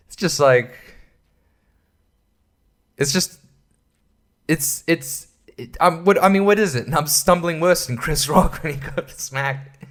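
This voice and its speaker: A man's voice: medium pitch, a bit bright. A man hosting a podcast, giving a casual and profane film review rant, rambling and exasperated and stumbling over his words. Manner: stumbles and laughs between thoughts. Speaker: podcast host.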